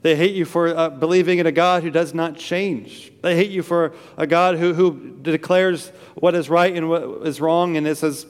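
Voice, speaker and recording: A man's voice: on the high side, steady tone, normal speed, few pauses, clear, resonant tone, long reverb tail. A man preaching a sermon in a church, earnest and emphatic, repeating phrases for stress. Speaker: pastor.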